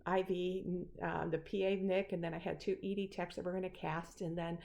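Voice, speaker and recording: A woman's voice: fairly low pitch, little pitch movement, moderate pace, vocal fry, a little mellow. A middle-aged woman casually telling a personal story, rambling with many fillers and restarts. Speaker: speaker sharing a personal story.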